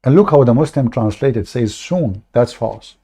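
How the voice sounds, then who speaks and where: A man hosts a debate livestream in a gravelly, mellow voice. He talks in a mocking, sarcastic way, stopping often on fillers as he goes. His pitch sits in the middle range. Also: lively intonation. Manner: halting, many fillers. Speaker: online debate host. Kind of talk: livestream commentary.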